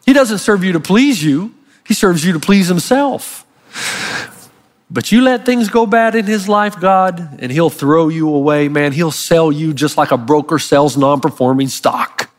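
A male pastor delivering a sermon in an animated, emphatic storytelling manner. His voice sits high for a man. The recording carries a long, ringing hall reverb. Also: unhurried.

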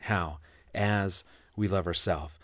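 A man's voice: sits low, steady tone, slow pace, a bit bright, dry recording, clean studio sound. A middle-aged man, a guest author, speaking in an emphatic, preacherly way and quoting scripture. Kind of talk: earnest faith-based interview talk.

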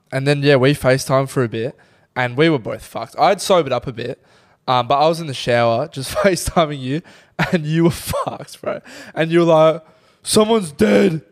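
A young Australian man co-hosting a casual podcast, laid-back and quick to laugh, swearing freely. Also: medium pitch. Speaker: podcast co-host. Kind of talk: casual chat.

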